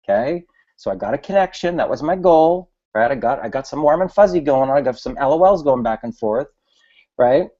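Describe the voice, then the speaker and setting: Man, casual business coach, mellow warm tone, dull lo-fi audio. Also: medium pitch, expressive, a little fast. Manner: casual, chatty, repeats "okay" and "right". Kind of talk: screen-share tutorial talk.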